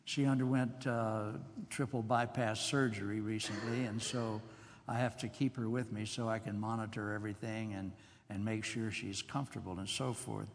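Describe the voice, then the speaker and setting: A man's voice: lowish voice, level tone, normal speed, a little hiss or hum. Older man preaching in a reverberant hall. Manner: conversational, musing, with asides and soft laughs. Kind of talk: sermon.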